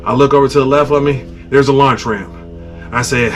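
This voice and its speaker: A man hosting a podcast, casually telling a story and acting out his own groans, shouts and sound effects. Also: medium pitch, fairly even intonation, fairly quick, faint music behind. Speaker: podcast host.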